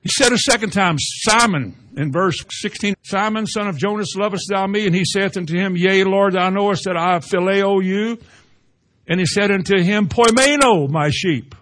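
A man's voice: high voice, moderate pace, a bit bright. A man preaching a sermon as a pastor, growing emphatic as he quotes scripture. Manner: preaching with rising emphasis and Bible quotations.

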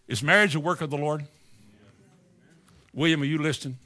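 A man preaching a fiery sermon, swinging from low musing to loud exclamations. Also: lively intonation, fast, long pauses.

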